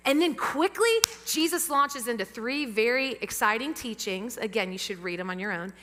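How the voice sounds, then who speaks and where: A woman pastor preaching a sermon to a church congregation, lively and engaging them with questions. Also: a little high, moderate pace. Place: church sanctuary with amplified sound. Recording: long reverb of a church hall.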